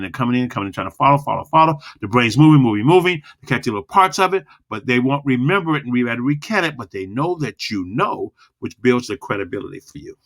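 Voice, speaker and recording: An energetic man teaches public speaking in a video lesson, speaking directly to the viewer. His pitch rises and falls freely and his voice rings bright and forceful. He repeats phrases over and over to drive his points home. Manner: energetic, repetitive, demonstrates vocal dynamics.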